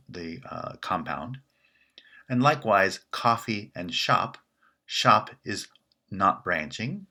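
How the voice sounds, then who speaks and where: A man giving a recorded linguistics lecture, explaining in a measured way and often checking in with "right?". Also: low voice, sharp tone.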